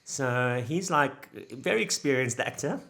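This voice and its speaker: Male film editor, casual guest, animated storyteller, average pitch. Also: normal speed, gravelly. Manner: animated storyteller, acts out quotes, many fillers. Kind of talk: casual chat.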